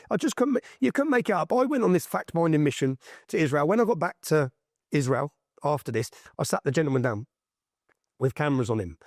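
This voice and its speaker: Lively man telling a story. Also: on the high side, dry recording, clean studio sound. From England. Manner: lively, repeats himself, quotes people in his stories. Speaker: interview guest. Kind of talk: animated anecdotal storytelling.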